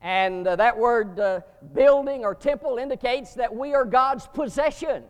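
High-voiced preacher in a reverberant hall. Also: male voice. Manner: emphatic preaching with rising bursts and slow stresses. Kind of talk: sermon.

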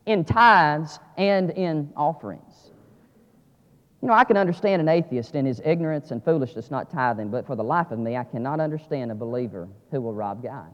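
A man preaching a sermon, dropping to quiet asides and rising to loud, emphatic climaxes. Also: lively intonation, a little fast. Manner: swings from low asides to shouted climaxes. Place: church sanctuary. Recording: lo-fi audio with long church reverb.

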